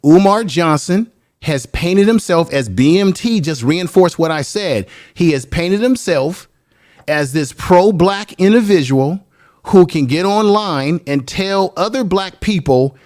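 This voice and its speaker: Man, panel guest, emphatic, pleading to be heard, slow deliberate argument, somewhat high voice. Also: lively intonation, darkish tone, dry recording, studio quality. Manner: emphatic, pleads to finish his point, builds his argument slowly. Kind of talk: heated panel debate.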